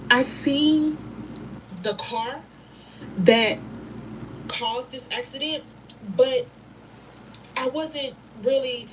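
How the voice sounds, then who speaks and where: A middle-aged woman telling a painful personal story in a soft, halting way, pausing and restarting often. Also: high voice, slight background noise, low-quality recording. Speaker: bereaved mother telling her story.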